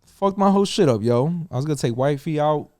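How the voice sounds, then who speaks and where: A man's voice: a little high, animated, quick pace, darkish tone, no echo, clean studio sound. A middle-aged man with a New York accent, telling a story in casual podcast chat, swearing often and acting out the other voices. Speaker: podcast co-host.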